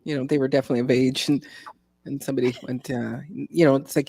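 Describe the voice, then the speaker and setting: A woman in her fifties chatting on a livestream, telling stories with lively delivery and acting out the voices of people she quotes. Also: a bass voice, fairly quick, vocal fry, no echo, studio quality. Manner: animated storyteller, acts out quoted voices. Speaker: livestream co-host. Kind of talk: casual chat.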